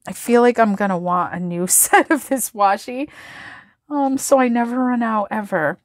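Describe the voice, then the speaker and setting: A woman vlogger excitedly showing stickers and washi tape, gasping and gushing over each item. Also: fairly high pitch, moderate pace, dry recording, studio quality. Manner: gushing, gasps and exclaims over items. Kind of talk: excited product flip-through.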